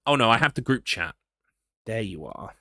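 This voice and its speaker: This man from England has a lowish, sing-song voice that is pushed and bright, delivered at a normal speed. Streaming a horror game, he rambles, talks to himself, and mocks himself as he reads chat, in clean studio sound with no room echo.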